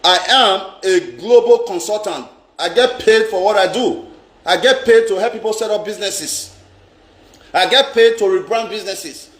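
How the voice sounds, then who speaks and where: Nigerian man, middle-aged, high voice, dramatic storyteller, echoey room. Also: moderate pace, a bit bright. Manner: dramatic, repeats lines for emphasis, mixes in Pidgin. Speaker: vlogger telling a personal story. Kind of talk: animated storytelling monologue. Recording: roomy echo.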